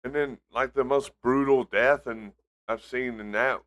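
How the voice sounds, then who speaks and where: A man's voice: medium pitch, steady tone, a little slow, fairly bright tone. A man co-hosting a podcast, chatty and teasing in casual chat. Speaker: podcast co-host.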